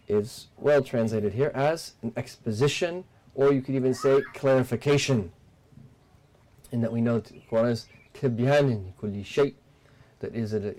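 A man giving a religious lesson, explaining a text in measured teaching talk and mixing in Arabic terms. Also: medium pitch, warm tone. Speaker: Islamic teacher.

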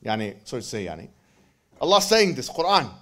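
A man giving a religious lecture with jokes, reciting scripture verses in quick bursts between his explanations. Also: medium pitch, sing-song, a bit bright. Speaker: preacher.

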